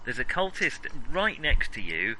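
This is a man narrating as game master in a tabletop game, his voice very bright and crisp. He stumbles through descriptions with many ums, and a faint hiss sits under the recording. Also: mid-range voice, unhurried, poor audio. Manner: hesitant, full of ums, lively sound effects.

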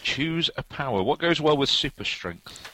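A man's voice: on the high side, expressive, moderate pace, pushed and bright, a little hiss or hum, poor audio. A man playing a tabletop game over a video call, playful and jokey as he makes his rolls. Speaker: player. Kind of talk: casual game chat.

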